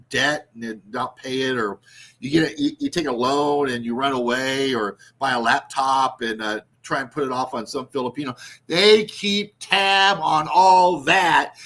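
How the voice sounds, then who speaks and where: Loud profane man ranting as show host. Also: a little high. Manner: profane, shouting bursts, drawn-out emphasis. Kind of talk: ranting comedic monologue.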